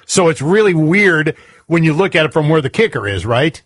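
A man's voice: on the high side, very animated, moderate pace, breathy edge, no echo. A man co-hosting a talk show, telling a story in a chatty, casual way and laughing often. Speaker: co-host.

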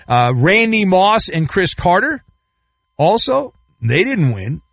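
A man hosting a sports talk show, riffing sarcastically and swinging between loud bursts and low asides. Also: sing-song, takes it slowly, gravelly, no room sound. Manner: sarcastic, riffing with mock quotes. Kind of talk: sports talk radio commentary.

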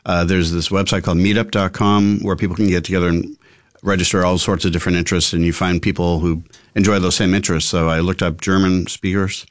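A middle-aged man with a very low voice, a guest answering questions on a radio interview. He talks fast and eagerly and fills his sentences with little fillers. The sound is dry and close, with no room around it. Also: level tone, no echo. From Massachusetts, USA. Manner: quick and eager, with many fillers. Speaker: guest, meetup organizer.

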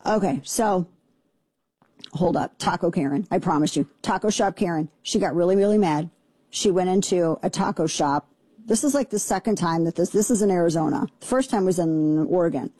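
Indignant woman radio host, low and mellow. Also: husky, no room sound. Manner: indignant, sarcastic, rapid rants. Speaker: radio talk show host. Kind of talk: opinionated talk radio commentary.

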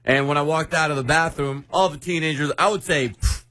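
Brief: male radio co-host, rapid chatty delivery, bright forward tone. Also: on the high side. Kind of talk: casual storytelling on air.

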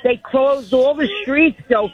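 A woman in her eighties from New York, calling in to a radio show, chatty and excited. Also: high voice, slow pace. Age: 80s. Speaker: caller. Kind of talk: phone-in chat. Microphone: phone. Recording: dull lo-fi phone line.

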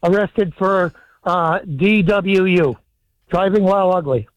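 A man calling in to a sports radio show, telling a funny story deadpan with a lot of ums. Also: high-pitched, takes it slowly, lo-fi sound, noisy background. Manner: deadpan joke-teller, hesitant with many ums. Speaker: caller.

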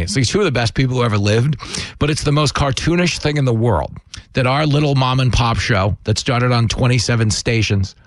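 A male talk radio host with a quick, self-mocking comic style. His voice has a middling pitch. He sounds dry and close to the mic. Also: dry recording.

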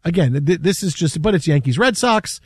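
A man's voice: on the high side, expressive, a little fast, breathy edge, dry recording. A man co-hosting a sports radio show, talking casually and rambling with restarts and repeated words.

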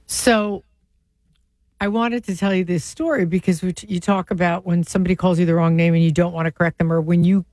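A woman's voice: on the low side, fairly even intonation, darkish tone, dry recording. A woman radio host, telling stories in casual on-air chat. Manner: chatty storyteller, quick asides. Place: radio studio.

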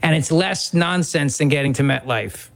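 A man's voice: a little high, moderate pace, gravelly. A man co-hosting a radio talk show, joking with a colleague in dry, teasing banter. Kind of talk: casual radio chat.

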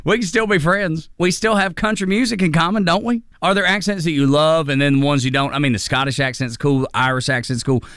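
A man's voice: on the high side, fairly quick, few pauses, fairly bright tone, smooth, dry recording, clean studio sound. Folksy Appalachian radio host, man. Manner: folksy and candid, plain-spoken. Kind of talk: casual on-air chat.

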